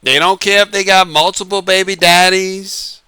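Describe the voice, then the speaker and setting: A man's voice: high voice, steady tone, moderate pace, bright, forceful tone, smooth, no echo. A man talking casually to his viewers in a monologue, laughing often and using slang. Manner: laughs often, uses Southern-flavored slang. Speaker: online commentary host.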